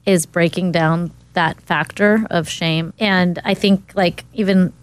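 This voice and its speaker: A woman's voice: lowish voice, steady tone, slow pace, clean tone. A woman in casual podcast chat, speaking in a supportive and affirming way.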